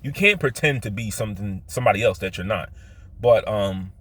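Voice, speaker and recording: A man with a Philadelphia accent talking casually about himself, halting, with many restarts and fillers. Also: fairly low pitch, a bit bright, slightly rough. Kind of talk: casual personal monologue.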